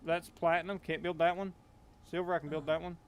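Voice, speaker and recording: A young man with a Southern accent talks casually over a game stream, his voice sitting fairly high for a man and coming through smooth and clear. He rambles and drawls, full of fillers and restarts. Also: little pitch movement, brisk. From Appalachian Kentucky, US. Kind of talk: casual gameplay chat.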